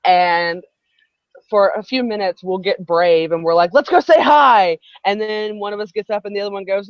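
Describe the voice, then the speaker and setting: A woman's voice: fairly low pitch, no room sound. A woman hosting a live broadcast from home, telling a long, rambling story with frequent asides. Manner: chatty, rambling storyteller who breaks off for asides. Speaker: host. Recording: dull, dry live-stream audio.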